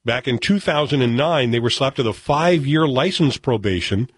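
A man's voice: medium pitch, lively intonation, moderate pace, slightly rough, no echo. A man hosting a radio talk show, chatting casually in a wry way and reading news items aloud.

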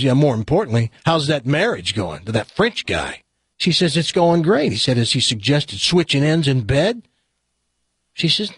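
A man's voice: mid-range voice, breathy edge, dry recording, studio quality. A man hosting a talk radio show, telling stories and a joke while acting out the voices. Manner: animated storyteller, acts out the joke's voices.

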